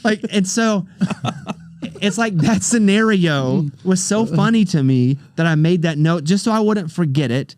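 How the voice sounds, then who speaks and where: A man talking as a podcast guest in a casual interview, telling animated stories and acting out the people he quotes. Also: high-pitched, a little slow, no room sound, clean studio sound. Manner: animated storyteller who acts out the people he quotes. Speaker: podcast guest, radio host and comedian.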